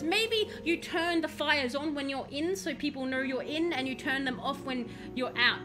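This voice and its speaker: A young woman streaming a video game, chatting casually with playful, rambling jokes. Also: sits high. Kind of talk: casual live-stream chat while playing.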